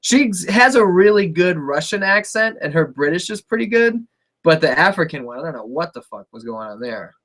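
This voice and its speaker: A man co-hosting a casual wrestling podcast, relaxed and profane, laughing easily. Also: on the high side, a little fast. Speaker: podcast co-host.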